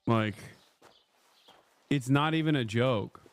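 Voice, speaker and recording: A man's voice: medium pitch, slow, slight background noise. A man streaming a medieval game, joking and irreverent as he plays. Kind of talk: live-stream commentary.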